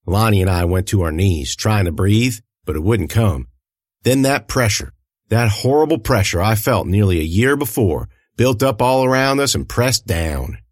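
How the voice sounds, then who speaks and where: A man narrating a first-person audiobook in an expressive, lively storytelling manner. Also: on the low side, moderate pace, no room sound, clean studio sound.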